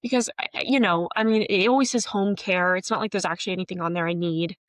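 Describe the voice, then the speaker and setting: A woman's voice: mid-range voice, steady tone, quick pace, no echo. A woman hosting a podcast, telling a personal story in an earnest, emotional and candid way. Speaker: podcast host.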